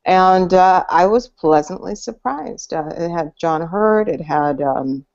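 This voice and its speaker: A woman's voice: lowish voice, expressive, unhurried, darkish tone. A woman co-hosting a casual movie podcast, rambling with many fillers and restarts over a video call. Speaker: podcast co-host. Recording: dull lo-fi audio.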